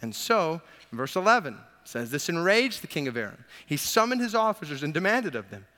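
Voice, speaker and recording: A man preaching a sermon, retelling a Bible story in an animated way with quips to the congregation. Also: on the high side, fairly quick, few pauses, in a large hall. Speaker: pastor.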